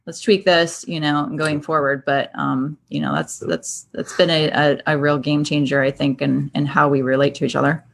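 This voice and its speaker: Earnest low-voiced woman. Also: normal speed, vocal fry, hardly any pauses, slight background noise. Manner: earnest, acts out quoted lines. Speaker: podcast guest. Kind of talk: casual chat.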